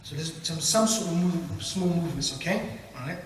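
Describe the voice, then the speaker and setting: High-voiced British man teaching from far off. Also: moderate pace, a little hiss or hum. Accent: British English. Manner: loose, repetitive explaining with tag questions. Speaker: ruqya teacher. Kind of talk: informal spoken lesson. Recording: echoey hall from far off.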